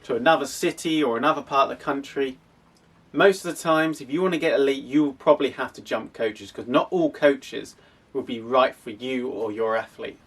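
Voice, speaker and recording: A man's voice: mid-range voice, moderate pace, a bit bright, slightly rough. Young guy talking athletics, casual, restarts a lot, mic a bit far. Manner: conversational, with frequent restarts. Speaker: athletics club coach and host. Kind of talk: casual explanatory talk.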